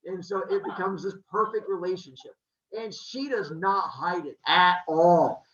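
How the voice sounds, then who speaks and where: A man casually retelling Greek myths in a jokey, animated way, pointing out posters in an indoor room. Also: a little high. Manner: animated, jokey, uses 'like' for quotes. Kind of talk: casual comic myth retelling. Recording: echoey dull room sound.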